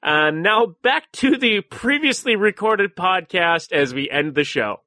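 A man's voice: high voice, expressive, unhurried, sharp tone, dry recording. A man with a Minnesota accent hosting a podcast, reading announcements in a chatty way full of "uh" fillers. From Minnesota, USA. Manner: chatty, filler-heavy with frequent "uh". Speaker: podcast host.

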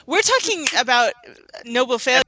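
A woman's voice: high-pitched, very animated, moderate pace, noisy background. A woman co-hosting a casual podcast chat, teasing and laughing often as she talks. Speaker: podcast co-host.

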